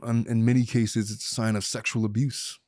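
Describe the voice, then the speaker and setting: A man's voice: medium pitch, fairly quick, dry recording, studio quality. A middle-aged man hosting a podcast, chatting casually and telling jokey stories from his family and law work. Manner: joking, animated storyteller. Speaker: podcast host, lawyer.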